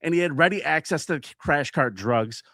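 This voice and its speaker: Male podcast co-host, animated true-crime teller, dry studio sound. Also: brisk, dry recording. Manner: animated, acts out quotes with big jumps in pitch. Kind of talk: true-crime storytelling banter.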